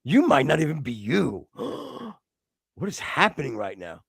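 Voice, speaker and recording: Gravelly, animated man in his fifties. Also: fairly high pitch, measured pace, dry recording, studio quality. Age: 50s. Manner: crude, profane, mock-insulting banter. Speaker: podcast co-host. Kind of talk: casual chat.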